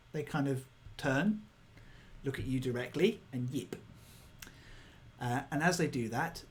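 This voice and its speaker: Brief: easygoing male game master with an animated, lively narration. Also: mid-range voice. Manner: relaxed descriptive narration with fillers.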